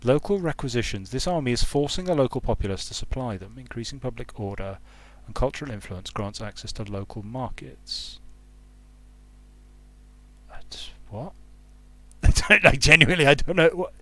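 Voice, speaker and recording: Expressive and sharp-toned, this young man's mid-range voice keeps a moderate pace. Streaming a strategy game from a hot room at home, the game designer offers casual, rambling commentary, thinking aloud and often breaking off mid-sentence.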